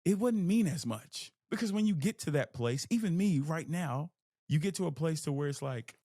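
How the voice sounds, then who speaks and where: A man hosting a podcast, giving a casual motivational monologue in an animated way, jumping into a high excited voice and laughing at himself. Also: moderate pace, dry recording, studio quality. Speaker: podcast host.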